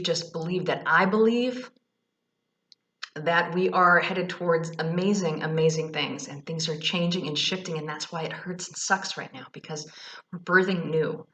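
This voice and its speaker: A woman's voice: sits low, a bit bright, roomy sound. A woman and Reiki host talks through spiritual advice in a frank, earnest way, with loose fillers and the odd curse word. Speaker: Reiki practitioner and vlog host. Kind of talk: casual spiritual advice monologue.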